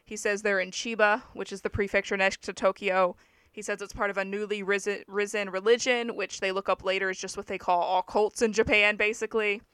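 A young woman telling a story in a casual podcast chat, with many fillers and lively asides. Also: mid-range voice, fairly quick, smooth, no echo. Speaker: podcast co-host. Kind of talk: casual true-crime chat, reading aloud.

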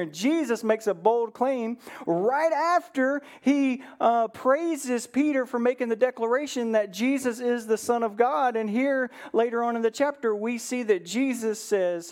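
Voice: mid-range voice, a little slow, hardly any pauses, a little mellow. A pastor preaching a conversational sermon, earnest, who often checks in with "right?" and briefly acts out the words of Bible figures.

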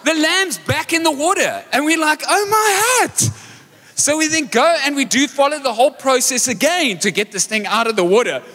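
A man preaching a sermon as pastor, animated and joking as he tells a story. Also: very high voice, a little fast, hardly any pauses. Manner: energetic, animated storytelling with jokes. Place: large church hall. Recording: live church hall reverb with music.

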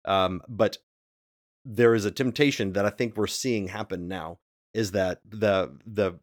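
A man co-hosting a faith podcast, easing through his points with ums and restarts. His voice sits on the low side and sounds dry and close to the mic. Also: measured pace, no echo. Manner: hedging, with many fillers and restarts. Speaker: podcast co-host. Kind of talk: casual discussion.

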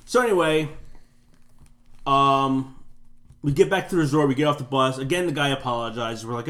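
A man's voice: mid-range voice, normal speed, pauses often, fairly bright tone. Man telling a rambling story. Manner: rambling anecdotes with laughs. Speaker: podcast co-host. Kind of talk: casual storytelling chat.

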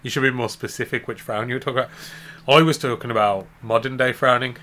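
A man's voice: mid-range voice, fairly even intonation, quick pace, sharp tone. A man chatting casually on a podcast, joking, giggling and rambling through wordplay. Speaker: podcast co-host. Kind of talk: casual comedic chat.

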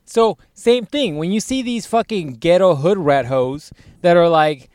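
A high-voiced man riffing on a crude podcast, swearing freely and slipping into mock voices to act out his point. The sound is close and dry, with no room around it. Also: fairly quick, dry recording. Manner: profane, animated, acts out quoted voices. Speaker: podcast co-host. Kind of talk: crude casual podcast banter.

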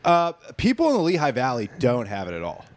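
A man's voice: medium pitch, wildly swooping pitch, fairly quick. A man chatting casually on a podcast, joking and swearing, from Pennsylvania. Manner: profane, joking, does voices mid-story. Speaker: podcast co-host. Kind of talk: casual chat.

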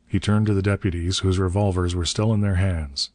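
A man narrates an adventure audiobook in a very deep voice. His reading is steady and measured. The recording is dry and close, with no room sound. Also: dry recording.

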